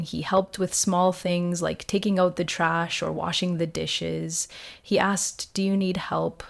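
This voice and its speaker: Slow, gravelly woman narrating a story. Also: lowish voice. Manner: simple short sentences, calm and even.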